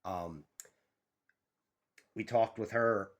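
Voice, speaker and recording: A young man hosting a casual vlog, rambling and excitable, swearing freely and jumping off on tangents. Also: on the low side, extremely slow. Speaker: YouTube channel host.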